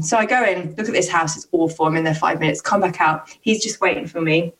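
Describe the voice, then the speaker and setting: A young woman co-hosting a casual chat, telling an animated story with quick laughs and acted-out quotes. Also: fairly low pitch, far from the mic, poor audio. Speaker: co-host.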